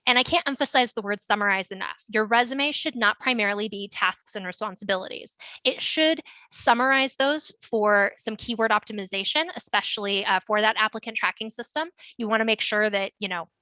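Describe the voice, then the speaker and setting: A woman's voice: mid-range voice, fairly quick, few pauses, pushed and bright, dry recording, rough recording. A woman career coach giving an instructional webinar talk, earnest and emphatic with frequent ums.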